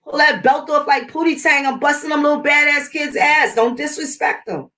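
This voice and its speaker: A middle-aged woman speaks straight to her channel's viewers in a casual, combative rant. She talks bluntly and swears often. Her voice sits a little higher than most women's. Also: normal speed, pushed and bright, far from the mic. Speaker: channel host. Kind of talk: casual ranting monologue.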